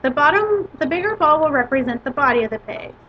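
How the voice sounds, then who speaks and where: A woman teacher with a high-pitched voice guides her class through a lesson step by step, in a measured way. The audio is dull and lo-fi, with faint hiss underneath. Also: expressive.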